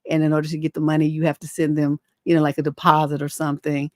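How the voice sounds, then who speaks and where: Blunt, profane woman coach, low voice. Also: monotone, fast talker, darkish tone, no room sound, studio quality. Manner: blunt and profane, rambling with many fillers. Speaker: relationship coach and livestream host. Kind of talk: casual livestream chat and reading viewer letters.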